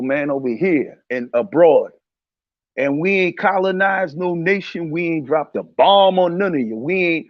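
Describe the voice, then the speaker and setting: A man's voice: a little high, no echo, highs cut off. A man hosting a casual religious commentary talk, speaking in a heated, preachy way and repeating his points.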